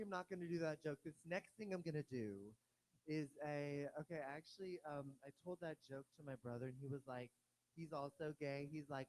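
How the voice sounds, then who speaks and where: A young man performs stand-up on a small stage. He rambles, restarts his sentences and giggles between jokes, speaking a little higher than most men. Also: moderate pace, darkish tone, poor audio. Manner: rambling, self-interrupting, giggly. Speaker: stand-up comedian. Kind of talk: stand-up comedy set.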